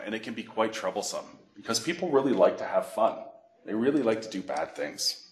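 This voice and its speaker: A middle-aged man from Canada, a financial educator giving a workshop, telling animated stories and acting out phone calls. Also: fairly low pitch. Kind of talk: workshop presentation with anecdotes. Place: library meeting room. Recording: echoey room.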